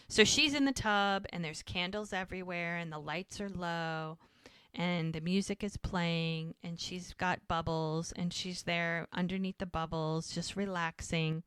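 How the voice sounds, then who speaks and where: A woman with a lowish voice, chatting casually on a podcast as she recaps a show scene by scene. She recorded close and dry, with hardly any room sound. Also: sharp tone, clear, resonant tone, no echo. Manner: retells scenes with quoted dialogue. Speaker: podcast co-host.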